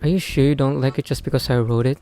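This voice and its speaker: A man's voice: medium pitch, fairly even intonation, fast talker, mellow, faint music behind. A man with a Filipino accent, a native Cebuano speaker, reading a visual novel's lines aloud with wry, laid-back commentary. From Philippines. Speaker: gamer.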